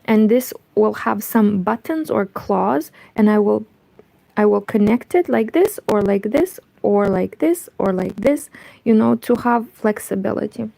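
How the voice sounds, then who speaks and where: A woman talks in a low, hushed half-whisper as she live-streams from home, taking her time over each phrase. Her voice is mellow and dark, with a gravelly texture. The sound is dry and close. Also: lively intonation, unhurried, no echo, poor audio. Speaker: crochet vlogger. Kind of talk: quiet live-stream chat.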